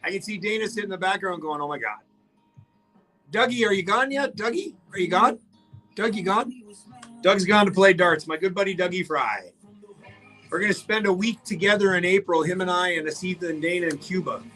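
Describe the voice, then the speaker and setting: Bright, chatty man with high voice. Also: brisk, faint music behind. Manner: joking, chatty, cheeky banter with commenters. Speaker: radio host reading viewer comments on a livestream. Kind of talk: casual live-stream chat with viewers.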